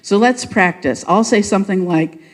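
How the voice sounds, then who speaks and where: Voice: mid-range voice, normal speed, big-room sound. A leader narrating and directing an unrehearsed church pageant, coaxing the congregation along. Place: church sanctuary.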